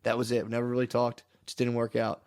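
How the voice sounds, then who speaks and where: A man co-hosting a podcast, telling rambling, fast anecdotes full of quoted asides in casual chat. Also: mid-range voice, completely flat delivery, darkish tone. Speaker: podcast co-host. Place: podcast studio.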